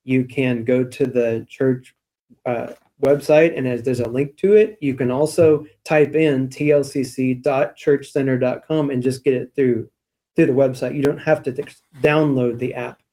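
A man co-hosting a weekly church podcast, with a mellow, darker tone. He talks in an easygoing, chatty way and tells stories with light laughs. His pitch sits in the middle range. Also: steady tone, moderate pace. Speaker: church staff podcast co-host. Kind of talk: casual church podcast chat.

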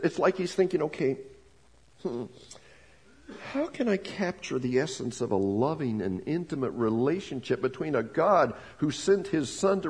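A male pastor delivering a sermon in a conversational, emphatic way. His voice is a touch high for a man and slightly husky. He drops to soft, near-whispered lines, then lifts into loud, excited ones.

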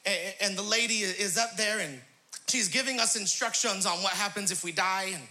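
A man preaching a comic sermon, his voice strikingly bright and cutting. He laughs through his own story and scatters short bursts of praise between lines. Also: high-pitched, normal speed. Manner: laughing often, peppers story with praise interjections. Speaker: pastor.

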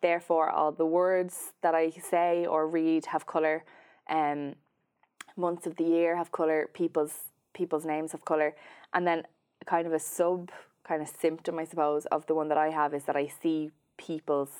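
Chatty woman, lowish voice. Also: flat delivery, moderate pace, a little mellow, smooth. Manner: chatty, hesitant, many fillers and restarts. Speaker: journalist guest. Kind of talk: casual interview chat.

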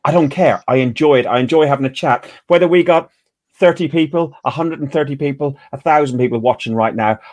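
A man's voice: on the high side, brisk, a little mellow, no room sound. A man hosting a fan podcast, with a chatty manner full of stammered restarts. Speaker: podcast host. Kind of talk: casual podcast chat.

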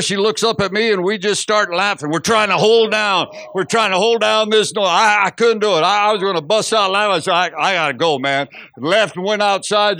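A man's voice: high-pitched, dry recording. A middle-aged man preaching a sermon as pastor, telling stories and acting out quotes with laughter. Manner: storytelling, animated, acts out quotes with laughs.

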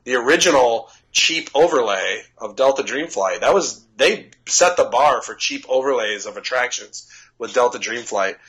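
A man talking casually as a podcast co-host in a husky, slightly raspy voice. He rambles with eager enthusiasm, restarting his sentences as he goes. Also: medium pitch, animated, normal speed, fairly bright tone, low-quality recording. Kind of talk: casual chat.

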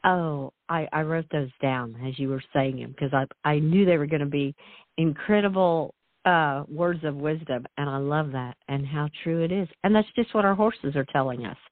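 A woman's voice: sits low, normal speed, no room sound. Gushing woman host on a tinny line. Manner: gushing, warm praise and soft laughs. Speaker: interview host. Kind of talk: casual interview chat. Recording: tinny phone-like call audio, dry.

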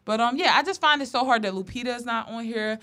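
A woman trades blunt, profane jokes in a casual podcast chat. Her voice is bright and sits a little high. She talks freely and keeps the banter going. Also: fast talker. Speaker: podcast co-host.

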